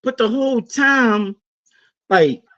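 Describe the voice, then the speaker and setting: Podcast co-host, man, fairly high voice, lively, swears freely, lo-fi sound. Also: slow. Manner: animated storytelling, swearing, laughing often. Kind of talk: casual chat. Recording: dull lo-fi sound.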